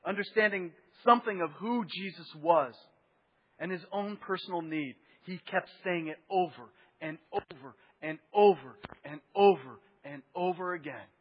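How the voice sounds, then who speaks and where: A man with a high voice delivers a sermon as pastor, talking in a conversational way and breaking off for rhetorical asides. The recording sounds a little dull and muffled. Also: moderate pace, slightly rough, in a large hall.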